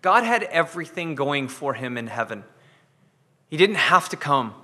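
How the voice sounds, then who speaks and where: A man's voice: fairly high pitch, big pitch swings, moderate pace, bright, forceful tone, in a large hall. A man preaching an earnest sermon as pastor, often repeating words as he builds a point. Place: church sanctuary.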